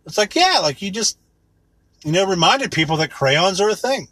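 Man, thirties, husky voice, lively swooping pitch, sarcastic profane rant, rambling. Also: normal speed, no room sound. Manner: rambling, sarcastic, swears a lot, mocks with put-on quotes.

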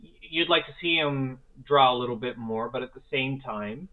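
A man with a medium-pitched voice speaks at normal speed, recorded with a narrow, phone-like sound. He co-hosts a casual sports podcast, talking enthusiastically and rambling with casual swearing.

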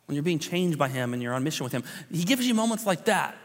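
A man in his thirties, a pastor telling a personal story in a relaxed, conversational sermon with many fillers and restarts. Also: a little high, quick pace. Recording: long hall reverb.

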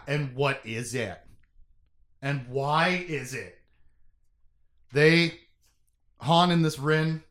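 A man co-hosting a casual book chat, recapping scenes in an animated, joking way. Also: medium pitch. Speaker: podcast co-host.

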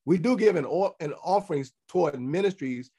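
A man with a somewhat high voice delivers a sermon. He reads scripture aloud and then explains it in plain teaching talk. He often restarts his phrases and checks in with his listeners. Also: animated, moderate pace, mellow, husky. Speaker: teacher of a congregation.

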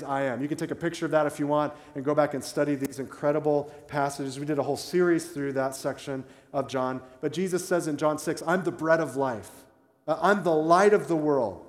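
A man's voice: a little high, darkish tone. A man preaching a sermon as pastor, conversational and emphatic, with asides to the congregation. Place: church sanctuary. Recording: echoey church hall reverb.

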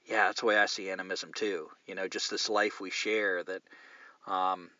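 A man's voice: sits low, little pitch movement, normal speed, bright, forceful tone, dry recording, highs cut off. A man hosting a podcast, chatting candidly in a loose, rambling way and swearing now and then. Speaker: podcast host. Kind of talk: casual chat, reading listener mail.

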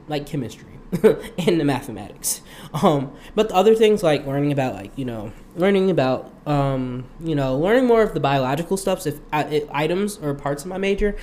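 A man's voice: fairly high pitch, a little mellow. A young man hosting his own podcast, talking casually in a rambling way and laughing often. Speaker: podcast host. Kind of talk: casual solo podcast monologue.

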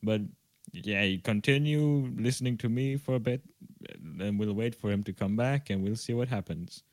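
A man's voice: fairly low pitch, normal speed, dry recording. A young man co-hosting a podcast over a video call from home, filling time with loose, jokey, rambling chat and casual swearing. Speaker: podcast co-host. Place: home room.

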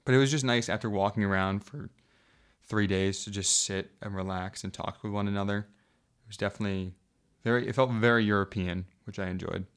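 A young American man co-hosting a podcast, chatting casually in a relaxed, rambling way full of "like". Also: on the low side, a little fast, smooth. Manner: relaxed, rambling, heavy use of "like". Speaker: podcast co-host. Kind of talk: casual chat.

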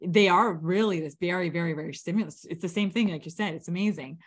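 A woman's voice: on the low side, fast talker, breathy edge. A woman podcast host who affirms her guest and sums up the conversation. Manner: warm praise, affirming. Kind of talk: podcast interview.

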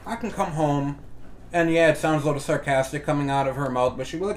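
A man's voice: a little high, fast. Male podcast co-host, loose and profane, jokey storyteller, a little background hiss. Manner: profane, joking, animated storytelling. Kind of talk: casual podcast chat.

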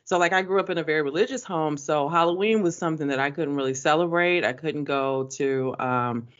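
A woman co-hosting a podcast, chatting in an animated, playful way. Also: low voice, fairly quick, muffled recording. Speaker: podcast co-host. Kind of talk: casual chat.

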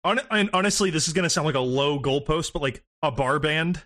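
A man in casual chat, animated and self-mocking, laughing often as he talks. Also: a little high, brisk.

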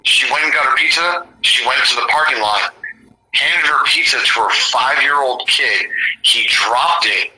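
A man's voice: medium pitch, measured pace, slightly rough, low-quality recording. A young man from the Seattle area telling rambling, profanity-laced stories in casual chat. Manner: profane, rambling, animated storyteller.

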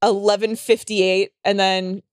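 A woman's voice: mid-range voice, level tone, measured pace, no echo, studio quality. A young adult woman, a comedian and podcast host, telling a story in casual chat, rambling with constant fillers, swearing, and acting out quotes in dramatic voices.

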